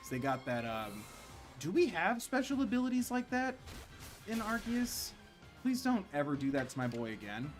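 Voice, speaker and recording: A man's voice: high-pitched, very animated, normal speed, faint music behind. Joking man streaming a video game. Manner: joking, rambling asides. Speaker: gaming streamer. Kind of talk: live gameplay commentary.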